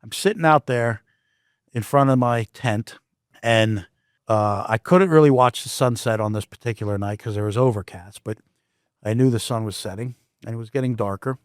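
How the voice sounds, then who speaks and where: A man's voice: medium pitch, moderate pace, dry recording. Man telling a story in a dry, close sound. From Canada. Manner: animated, with frequent restarts and asides. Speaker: podcast host. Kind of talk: casual storytelling.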